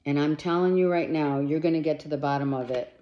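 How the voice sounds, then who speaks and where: A woman's voice: low voice, quick pace, muffled recording. A woman giving a monthly tarot reading straight to the listener, blunt and emphatic, swearing freely and urging them on. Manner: talks straight to the listener with urgent reassurance. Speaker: tarot reader.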